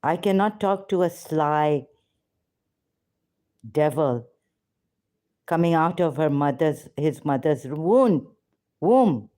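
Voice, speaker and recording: A woman's voice: deep voice, lively intonation, slow, long pauses, dark tone. A woman arguing heatedly on a call, confrontational and accusatory. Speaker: ex-Muslim debater on a call. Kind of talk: heated argument.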